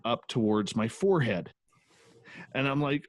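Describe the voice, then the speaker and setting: A man tells a personal story in a relaxed, candid way, his pitch rising and falling freely as he goes. He talks like a radio host who is used to the mic. The sound is close and dry, with no room around it. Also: unhurried, long pauses, no room sound. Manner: animated, candid, swears casually. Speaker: guest, radio show host. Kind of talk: casual storytelling in an interview.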